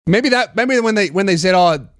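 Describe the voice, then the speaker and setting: A man's voice: high-pitched, a little fast, a bit bright, no echo, studio quality. A man hosting a comedy podcast, reading a listener's story aloud and riffing on it with crude, mocking jokes. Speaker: podcast host.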